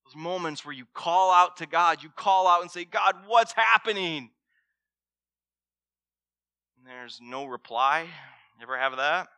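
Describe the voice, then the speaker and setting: A man preaching a sermon as pastor, swinging between loud emphasis and hushed words and asking the congregation direct questions. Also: on the high side, moderate pace, smooth, no echo.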